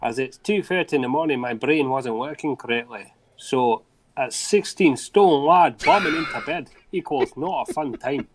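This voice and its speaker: A man's voice: fairly high pitch, slight background noise. A man putting on a Scottish-accented storyteller. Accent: put-on Scottish. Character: young man telling a clumsy late-night mishap. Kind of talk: reading a chat message aloud in a put-on accent.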